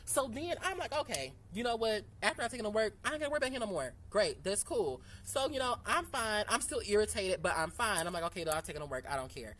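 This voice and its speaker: Animated woman telling a story outdoors. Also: medium pitch. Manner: animated, profane, fast-talking storyteller. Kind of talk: casual storytime monologue. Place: outdoors in sunlight.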